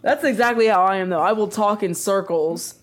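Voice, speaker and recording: A woman's voice: mid-range voice, a little fast, a crowd in the background. A woman co-hosting a podcast, telling a story expressively and acting out both sides of an argument with plenty of swearing. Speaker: podcast co-host. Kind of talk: casual chat.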